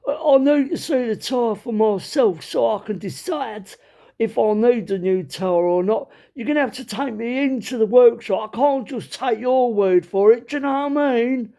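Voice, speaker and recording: Guy doing a loud cheeky cockney lad, squeaky high voice, drags every word out. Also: creaky. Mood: indignant. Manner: loud, indignant, drawn-out complaining. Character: brash young Cockney man haggling.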